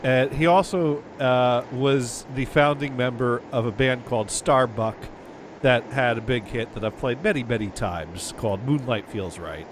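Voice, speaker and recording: A man's voice: medium pitch, a little slow, noisy background. A man hosting a casual radio show, chatting about old records with a rambling manner, often repeating words and chuckling.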